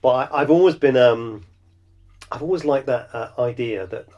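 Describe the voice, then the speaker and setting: A man's voice: mid-range voice, moderate pace, a little mellow, dull audio. A middle-aged man hosting a solo podcast, musing in a rambling, self-deprecating way with lots of fillers and restarts. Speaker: podcast host and songwriter. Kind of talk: reflective solo podcast monologue.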